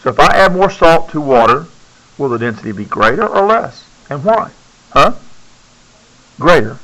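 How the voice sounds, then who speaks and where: Male teacher, slightly high-pitched, classroom lecture, chatty and coaxing. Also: sing-song, normal speed, bright, forceful tone, poor audio. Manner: checks in often, coaxing students to answer. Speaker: science teacher.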